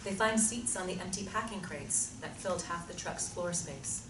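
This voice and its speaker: A woman narrates a screenplay in a steady, descriptive read. Her voice sits low and carries room echo, recorded from a distance. Noise runs clearly under the recording. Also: normal speed. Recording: echoey room from far off, noisy.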